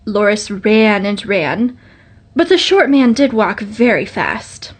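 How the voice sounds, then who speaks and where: A woman reading a vintage fairytale aloud as a homemade audiobook, in a gentle, measured storytelling manner. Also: medium pitch, expressive, slightly rough.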